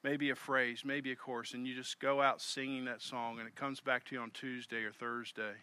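Male pastor, Southern US accent, animated sermon delivery, bright tone, close and dry. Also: mid-range voice, a little fast, clean tone, no echo. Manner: animated preaching, swings from loud to hushed.

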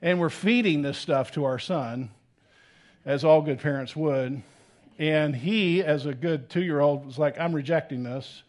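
A man in his thirties preaching a sermon as pastor, animated, rising to loud emphasis and dropping to soft, intimate tones. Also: a little high, a little slow.

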